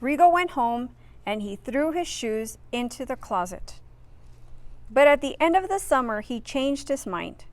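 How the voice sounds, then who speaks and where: Woman storyteller, children's book read-aloud; slow, lively asides, dry close sound. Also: sits high, dry recording. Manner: slow, expressive, adds friendly asides to listeners. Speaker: reader.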